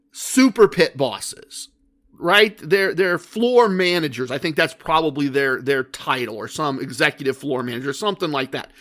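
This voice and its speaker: A man's voice: sits high, a bit bright. A man hosting a solo podcast, talking casually and telling stories with rhetorical questions. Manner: chatty, storytelling, rhetorical questions. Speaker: podcast host.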